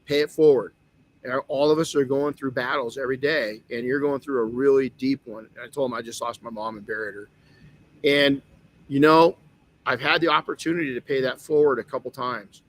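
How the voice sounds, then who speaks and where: A man's voice: medium pitch, steady tone, a little fast, a bit bright. A man hosting a motivational podcast, telling a personal story candidly with frequent restarts. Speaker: podcast host.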